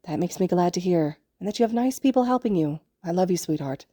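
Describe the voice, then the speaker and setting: A woman voicing a gentle, loving mother in a storybook reading, soft and cooing. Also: fairly low pitch, lively intonation, fast, no echo, studio quality.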